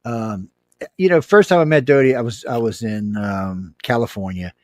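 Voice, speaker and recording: This guest, a UFO researcher and radio network producer, tells stories in a casual interview with a medium-pitched voice at normal speed. He's an animated, frank storyteller who acts out quoted dialogue and swears mildly, recorded dry.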